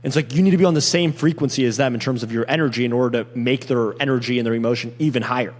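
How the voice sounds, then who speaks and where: A young man in casual chat about sales closing, talking quickly and acting out sales call lines. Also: medium pitch, big-room sound. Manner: fast, animated, acts out sales call lines. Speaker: sales closer.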